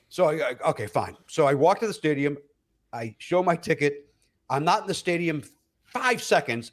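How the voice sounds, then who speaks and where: Animated, slightly high-voiced comedian man. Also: fairly quick. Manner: acts out other people's voices, with many fillers and laughs. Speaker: comedian guest. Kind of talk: animated comic storytelling.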